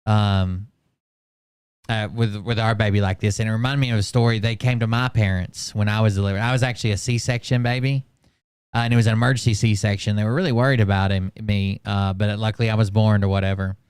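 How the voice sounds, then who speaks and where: A man's voice: on the low side, fairly even intonation, brisk, darkish tone, clear, resonant tone, dry recording. A man live-streaming casual commentary on videos, telling crude, rambling anecdotes full of profanity.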